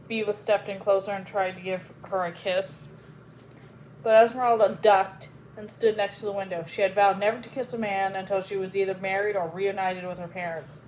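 A woman host reading a classic novel aloud chapter by chapter, in an expressive storybook style. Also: mid-range voice, moderate pace, a little hiss or hum, poor audio.

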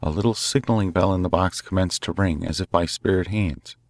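Man, audiobook narrator, very low voice, measured dramatic storytelling. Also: no echo. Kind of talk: scripted narration.

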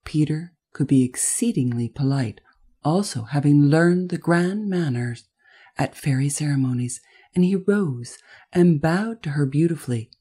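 A woman narrates a children's classic in a low, mellow voice with a breathy edge. Her telling is gentle and expressive. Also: measured pace. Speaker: audiobook narrator. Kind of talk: scripted narration.

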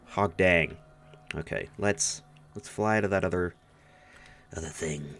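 A man's voice: sits low, takes it slowly, fairly bright tone. A man giving casual, playful gameplay commentary, making silly noises and joking at his own expense. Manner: playful, goofy, makes silly noises and jokes at himself. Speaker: let's play gamer.

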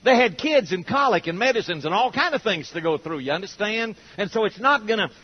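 A man's voice: high-pitched, lively intonation, a little fast, husky. An older man preaching a sermon to a congregation, telling homespun, humorous stories and acting out the quotes. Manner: folksy, humorous storytelling with acted-out quotes. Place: church auditorium with congregation. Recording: dull lo-fi sermon recording.

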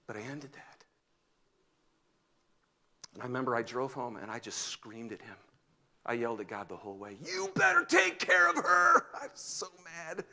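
Pastor, man, 50s, storytelling sermon, mid-pitched voice, big swings from shouts to hushes. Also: husky. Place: church sanctuary.

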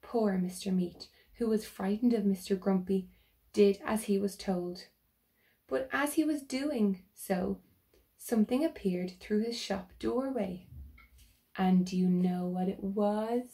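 A woman teacher reading a picture book aloud to children, slowly and gently, and stopping to ask them questions. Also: medium pitch.

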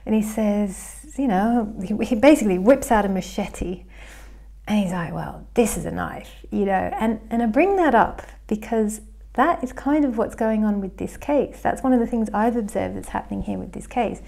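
A woman's voice: mid-range voice, normal speed, gravelly, dark tone. An Australian woman talking casually to camera about astrology at home, thinking aloud with small restarts.

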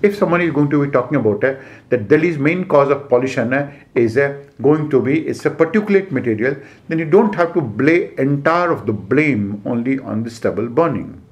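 A man with an Indian English accent lecturing as an exam coach, giving numbered points with frequent "uh" pauses and repeated key phrases. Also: mid-range voice, animated. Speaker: civil service exam coach. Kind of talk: classroom lecture.

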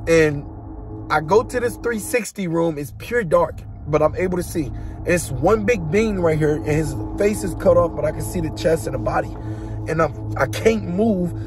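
High-voiced man telling a dramatic testimony. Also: moderate pace. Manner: dramatic, colloquial, imitates booming sounds. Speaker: vlogger giving a testimony. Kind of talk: emotional personal testimony. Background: instrumental music.

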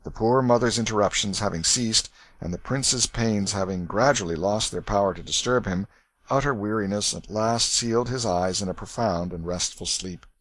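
A man reading an audiobook in a measured, clear storytelling manner. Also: lowish voice, fairly bright tone, no room sound. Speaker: audiobook reader. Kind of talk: scripted narration.

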